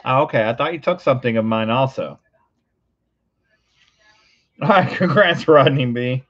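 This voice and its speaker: A man hosting a livestream coin auction, chanting bids in a quick rhythmic auctioneer patter and bantering playfully between calls. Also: mid-range voice, animated, fairly bright tone, highs cut off. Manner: rapid rhythmic bid calling, playful teasing. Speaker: host auctioning coins on a livestream.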